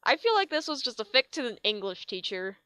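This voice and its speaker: A woman's voice: fairly high pitch, sing-song, a little fast, pushed and bright, smooth, dry recording, clean studio sound. A woman giving a comic reading of fan fiction, with sarcastic, mock-exasperated asides and tripped words. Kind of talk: comedic dramatic reading with asides.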